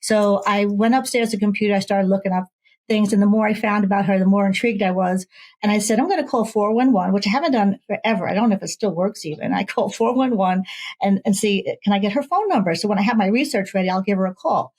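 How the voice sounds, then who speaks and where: Woman author guest from Ohio, animated storyteller, acts out quotes. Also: medium pitch, fast, low-quality recording. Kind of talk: casual interview storytelling.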